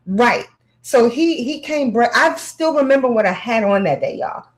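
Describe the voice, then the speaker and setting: A woman in casual chat, telling a candid personal story with animated, frank delivery. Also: fairly high pitch, normal speed, low-quality recording.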